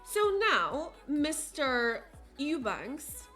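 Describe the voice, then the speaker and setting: Sly haggling sim girl, streamer doing her voice, high and bouncy, bit of music behind. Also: very animated, extremely slow, sharp tone, heavily acted. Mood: scheming. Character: pushy young woman sim trying to buy a house.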